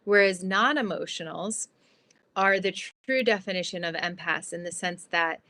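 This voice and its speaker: A woman guest on an interview podcast, explaining her ideas in a lively, chatty way with lots of "like". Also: lowish voice, normal speed. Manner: animated, explanatory, fillers like "like". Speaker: guest, transformation guide.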